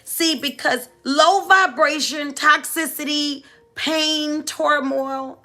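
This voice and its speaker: High, gravelly-voiced woman preaching about love. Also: takes it slowly, bright, forceful tone, faint music behind. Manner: emphatic, preacher-like repetition. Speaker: motivational speaker. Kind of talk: heartfelt motivational talk to live viewers.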